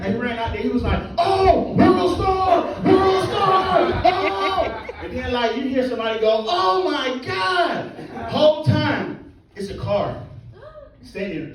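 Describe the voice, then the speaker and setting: A man doing a stand-up comedy set in a small comedy club, telling stories with animated energy and acting out the people in them. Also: high-pitched. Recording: echoey club from far off, crowd. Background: audience laughing.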